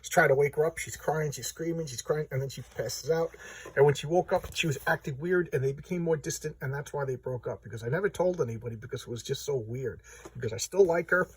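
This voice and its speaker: A man's voice: a little high, fast talker, husky. A man casually retelling a comic's plot in a rambling, stammering way. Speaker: comic book reviewer.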